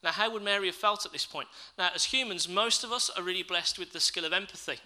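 Bright-voiced male preacher. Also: high-pitched, fast talker, low-quality recording. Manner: reflective, asks the listeners questions. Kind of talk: sermon with scripture reading.

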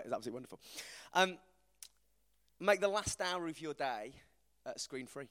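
A man, giving an informal, self-deprecating talk to a church group, animated as he tells stories. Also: a little high, normal speed. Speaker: preacher. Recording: reverberant hall.

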